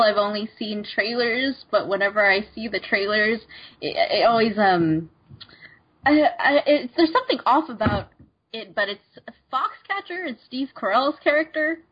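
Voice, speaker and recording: A woman joins a casual podcast chat, hesitant and full of restarts as she works through her point. Her voice is slightly husky, and the lo-fi recording dulls it. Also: on the high side. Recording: dull lo-fi sound.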